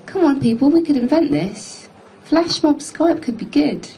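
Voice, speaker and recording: A woman's voice: sits high, animated, unhurried, mellow, slight background noise, low-quality recording. A woman in her thirties hosting a casual studio live stream, chatting in a rambling, self-mocking way. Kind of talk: casual chat. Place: music studio.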